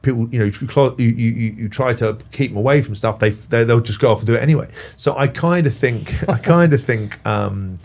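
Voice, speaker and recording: A man's voice: mid-range voice, fast talker, vocal fry, few pauses. A middle-aged man from England, a podcast guest, chatting casually about parenting and swearing freely. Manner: swears freely, animated when ranting. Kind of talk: casual chat.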